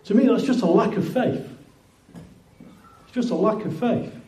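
A man's voice: high-pitched, normal speed, dark tone. A man preaching a sermon in a conversational way, often repeating words and restarting phrases. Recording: roomy echoing hall.

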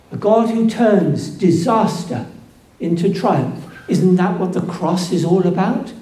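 A man preaching a sermon, slow and emphatic, building to fervent peaks. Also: sits high, mellow. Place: church. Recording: echoey church room.

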